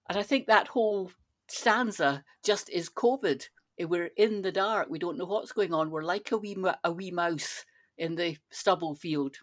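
A woman's voice: on the low side, moderate pace. An older Scottish woman chatting casually and telling little stories. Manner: chatty, anecdotal. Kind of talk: casual chat.

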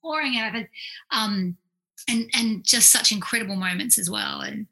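A woman, a clinical psychologist, telling stories in a casual, animated way, full of fillers and quoted asides. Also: fairly high pitch, moderate pace, creaky, poor audio. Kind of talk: casual storytelling in conversation.

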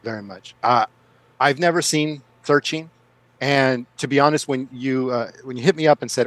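A man talking as a guest on a movie podcast, rambling and animated, with restarts and laughs in casual chat. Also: medium pitch, moderate pace, no echo.

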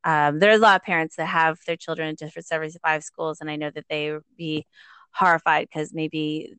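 A middle-aged woman, a guest telling a personal story in an animated, conversational way, often acting out the voices of others and laughing. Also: sits low, brisk, smooth, dry recording. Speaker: guest, parent.

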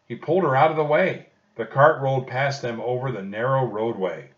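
A man narrating a children's storybook audiobook in a slow, expressive storytelling manner. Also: mid-range voice. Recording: dull distant recording.

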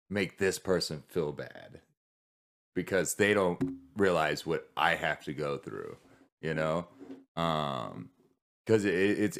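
A man's voice: low voice, a bit bright. A man who is a military veteran, talking candidly in a casual podcast conversation, rambling with many restarts and swearing.

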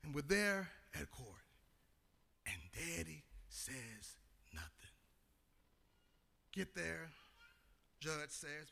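A man preaching a sermon, telling a story dramatically, shifting between shouts and hushed tones. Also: a little high, unhurried, vocal fry, pauses often. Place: church sanctuary. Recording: long hall reverb.

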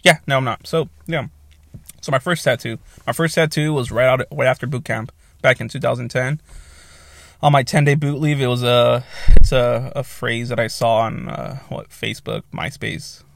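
A man in his thirties talks through a casual solo podcast episode in a gravelly voice, close and dry on his new mic. He rambles, swears freely and corrects himself mid-sentence. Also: mid-range voice, steady tone, moderate pace, fairly bright tone, no room sound. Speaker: podcast host. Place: small soundproofed home office.

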